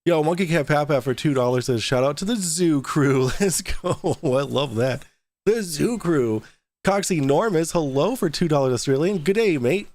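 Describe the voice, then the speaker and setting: A man's voice: on the high side, expressive, moderate pace, darkish tone, no room sound. Chatty man hosting a livestream. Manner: chatty, reads out donations, swears casually. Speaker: livestream host. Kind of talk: casual livestream chat.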